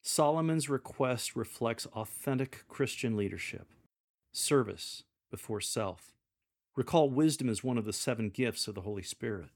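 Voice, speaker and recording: A man giving measured, deliberate instructions on how to read scripture aloud to a congregation. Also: medium pitch, animated, darkish tone. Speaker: lector coach. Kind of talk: instructional coaching on scripture reading.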